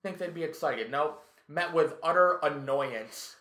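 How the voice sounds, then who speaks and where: A man's voice: fairly high pitch, unhurried. Man, comedian, casual storytelling, swears a lot, acts out quotes, echoey room. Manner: profane, animated, tells stories with acted quotes. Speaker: stand-up comedian telling a story.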